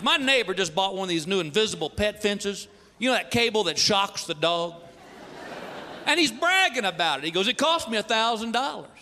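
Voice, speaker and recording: A male comedian spins a folksy stand-up story with loose, drawling asides. His voice sits high, and the live recording carries a long hall reverb and audible noise. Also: very animated, moderate pace, bright, forceful tone.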